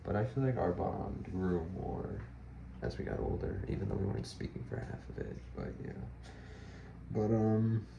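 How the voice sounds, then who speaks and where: A young man giving a rambling, halting life update for his vlog, with frequent restarts. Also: low voice, gravelly, roomy sound, lo-fi sound, noisy background. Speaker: vlogger.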